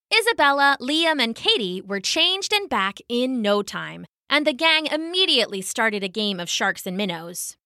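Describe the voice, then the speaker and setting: Lady reading a kids story out loud, bright voice, really lively up and down. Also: fairly high pitch, normal speed, few pauses, dry recording, studio quality. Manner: warm, expressive read-aloud. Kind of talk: children's story narration.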